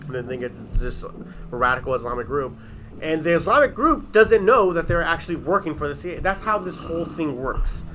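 A man's voice: on the high side, big pitch swings, a little fast, noisy background. A man in casual chat, explaining a theory emphatically and swearing for stress.

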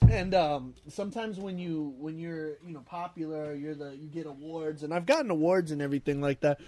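A man's voice: on the high side, a little fast, background noise. A man in casual podcast chat who rambles, laughs a lot and often trails off and restarts. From Southern California. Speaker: podcast co-host.

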